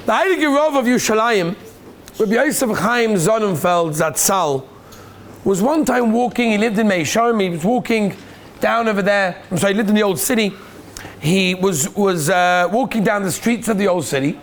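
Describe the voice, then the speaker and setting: High-voiced rabbi telling a story. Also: male voice, slight background noise. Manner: animated storyteller, acts out the voices in his tale; mixes in Hebrew and Yiddish words. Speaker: rabbi teaching in a yeshiva. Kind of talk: casual Torah talk with a story.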